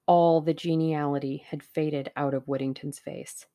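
Woman reading a novel aloud, low gravelly voice, steady audiobook narration. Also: a little slow.

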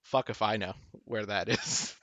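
A man's voice: on the low side, fairly even intonation, unhurried, a bit bright, no room sound. A man from Toronto co-hosting a podcast, rambling casually and laughing often. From Toronto, Canada. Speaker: podcast co-host. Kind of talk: casual chat.

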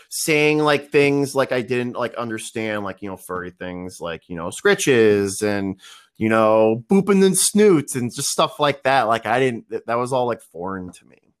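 A man in his thirties, appearing as a podcast guest, tells a casual story in a rambling way, full of fillers and restarts. His voice is medium-pitched with a clean tone.

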